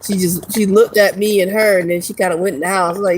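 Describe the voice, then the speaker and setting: Woman vlogger, casual profane rant, frequent laughter, rambling, even mid-range voice. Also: medium pitch, fast talker, slight background noise, rough recording.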